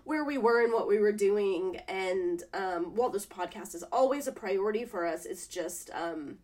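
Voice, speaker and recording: A woman co-hosting a podcast in casual chat, sounding nasal from a cold and talking in animated bursts with fillers. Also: medium pitch, normal speed. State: sick and nasal. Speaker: podcast co-host.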